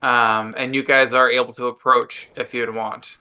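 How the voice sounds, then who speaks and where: A man narrating a tabletop game as game master, casual and unhurried with many fillers. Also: mid-range voice, level tone, smooth, dull audio.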